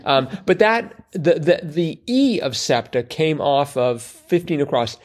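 A man's voice: a little high, lively intonation, unhurried. Joking man chatting about puzzles. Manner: joking, rambling, self-mocking. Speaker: podcast co-host. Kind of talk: casual chat about a crossword.

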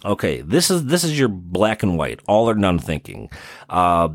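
A man's voice: sits low, big pitch swings, normal speed, no room sound, clean studio sound. A man with a Midwestern American accent, hosting a podcast and casually explaining therapy concepts through everyday examples.

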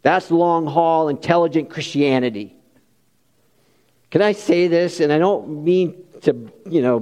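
A man preaches with fervor, his voice climbing to emphatic peaks and softening into folksy personal asides. His tone is mellow and dark, and he sits somewhat high for a man. The sound carries a long reverb, as if it fills a large hall. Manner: impassioned, rising to emphatic peaks. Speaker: pastor. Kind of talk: sermon.

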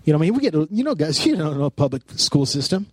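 Animated man preaching, dry close sound. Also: on the high side, fast talker, slightly rough, no room sound. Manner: personal, animated preaching with frequent restarts. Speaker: pastor. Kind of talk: sermon.

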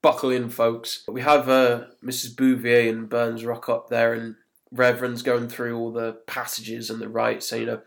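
A man's voice: mid-range voice, monotone, normal speed, vocal fry. A man hosts a casual podcast, talking through an episode scene by scene. He keeps a loose, chatty flow. He laughs often and slips into quoted lines. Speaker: podcast host. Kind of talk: casual chat recapping an episode.

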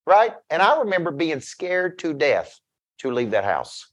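A man's voice: on the high side, big pitch swings, unhurried, a bit bright. Man, business coach, intense and upbeat talk to an audience, keeps asking if they follow. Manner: intense, keeps checking in with listeners.

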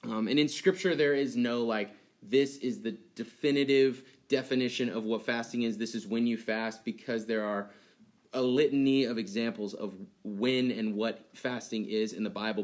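A young man preaching in a relaxed, conversational way, his voice sitting in a middle register. He tells stories with lively energy, slips into quick voices for the people in them and laughs along with his words. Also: medium pitch. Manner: conversational and animated, acting out childhood dialogue with laughs. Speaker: pastor. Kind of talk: sermon.

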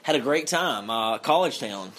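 A man's voice: mid-range voice, animated, normal speed, heavy background noise. A man with a Southern US accent hosting a podcast, rambling and laughing often in casual banter. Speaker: podcast host.

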